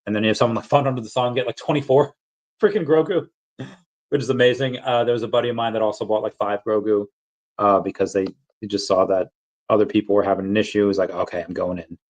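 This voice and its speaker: A man hosting a casual crypto livestream, rambling in a relaxed way with many fillers and bouts of hiccups. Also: fairly low pitch, quick pace, lo-fi sound. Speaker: crypto channel host.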